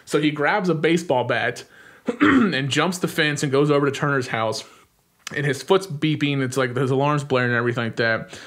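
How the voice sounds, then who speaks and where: A young adult man co-hosting a podcast, retelling a film's plot in casual chat, full of "like" fillers and quick acted-out lines. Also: on the high side, a bit bright. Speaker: podcast co-host. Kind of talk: casual movie recap.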